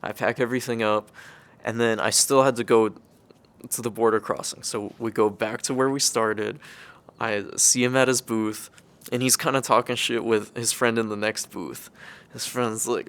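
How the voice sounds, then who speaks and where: A man's voice: on the low side, normal speed, gravelly, fairly bright tone. A young man from California tells a story in a laid-back, casual way, swearing freely and laughing often as he goes. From California, United States. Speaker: vlogger.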